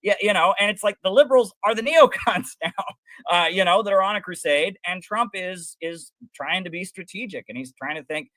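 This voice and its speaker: A man on a political commentary show with a bright, forceful voice, recorded close and dry. He lays out history at length in a lecturing way, pitched a little above most men. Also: fairly quick, dry recording. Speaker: co-host.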